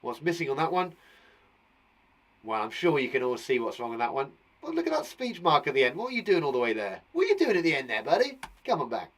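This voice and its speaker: A man's voice: mid-range voice, big pitch swings, a little fast, a bit bright. A man with an English accent teaching an online punctuation lesson to young children in an upbeat, encouraging way, repeating his questions to the pupils. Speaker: primary school teacher.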